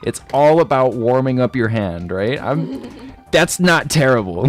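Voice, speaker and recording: A man's voice: medium pitch, expressive, measured pace, soft background music. A man streaming a game and chatting casually, laid-back and slangy, joking at his own expense and laughing often.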